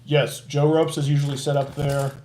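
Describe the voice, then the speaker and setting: A man's voice: a little high, flat delivery, moderate pace, warm tone, reverberant, a little hiss or hum. A man co-hosting a casual livestream, reading out viewer comments in an easygoing, teasing way. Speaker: co-host reading chat comments.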